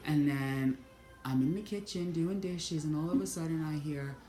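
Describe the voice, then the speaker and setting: Woman, deep voice, blunt and profane, casual spiritual storytelling, hushed to excited, faint music behind. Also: moderate pace, reverberant. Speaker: vlogger.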